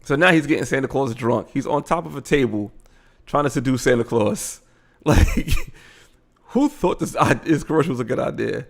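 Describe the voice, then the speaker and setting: A man's voice: mid-range voice, a little fast, vocal fry. A man hosting a live show, giving blunt, casual commentary on a video he is watching. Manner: animated, blunt, frequent laughing asides.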